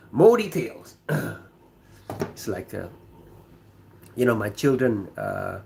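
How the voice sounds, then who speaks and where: A man's voice: medium pitch, sing-song, darkish tone, a little hiss or hum. Indonesian guy chatting on his livestream, trips over words, lots of um and you know. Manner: halting, repeats words, many fillers. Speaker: livestream host. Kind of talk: casual livestream chat. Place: kitchen.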